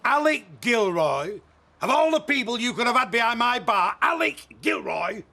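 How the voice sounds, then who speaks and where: An actor playing a jealous pub landlord, suspicious and accusing, in a television soap drama. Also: male voice, very high-pitched, sing-song, moderate pace, gravelly, pushed and bright, heavily acted. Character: jealous, grumbling older male pub landlord.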